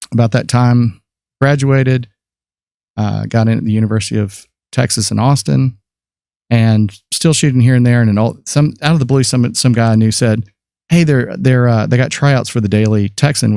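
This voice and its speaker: A man's voice: on the low side, moderate pace, creaky, mellow, dry recording, studio quality. A man in his fifties, a podcast guest and photographer, telling rambling stories about his life in a casual chat, with many fillers and restarts.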